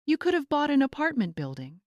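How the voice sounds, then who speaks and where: A woman's voice: very animated, a little fast, no room sound, dull audio. A woman reading an angry grown son. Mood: outraged. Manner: sharp, demanding, higher and louder than the narration.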